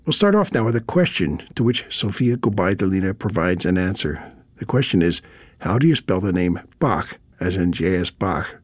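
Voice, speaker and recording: Low husky male radio music host. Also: sing-song, no room sound. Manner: explanatory, spells out letters slowly. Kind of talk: scripted radio presentation.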